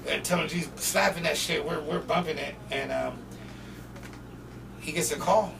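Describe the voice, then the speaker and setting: A young man from North Portland, Oregon, guesting on a podcast and telling profane, animated stories full of acted-out quotes. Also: a little high, moderate pace, gravelly, a crowd in the background. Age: young adult. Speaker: guest rapper. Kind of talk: casual storytelling interview. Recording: distant mic with noisy background.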